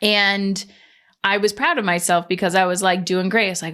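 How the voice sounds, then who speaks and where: A woman's voice: medium pitch, fairly even intonation, normal speed, a bit bright. A woman from Canada hosting a podcast, telling a personal story in a candid, casual way, swearing freely and acting out the voices of people she quotes. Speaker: podcast host.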